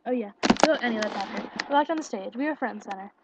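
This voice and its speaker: A young woman casually retelling a concert meet-up into a webcam, excited and chatty, with lots of fillers and quoted dialogue. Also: on the high side, rapid-fire, very noisy. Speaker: vlogger. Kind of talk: casual storytelling. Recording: lo-fi webcam audio.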